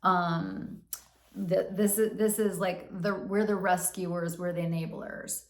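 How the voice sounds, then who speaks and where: A woman's voice: lowish voice, steady tone, takes it slowly. Candid woman talking in a roomy space. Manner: candid, swears, acts out inner voices. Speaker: podcast host. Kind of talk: casual self-help talk. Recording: roomy echo.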